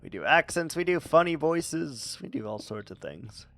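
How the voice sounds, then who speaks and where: A man's voice: on the high side, big pitch swings, moderate pace, vocal fry, a bit bright, no echo, soft background music. A man streaming a game, chatting casually with silly, playful asides and mutters. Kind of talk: casual gameplay commentary.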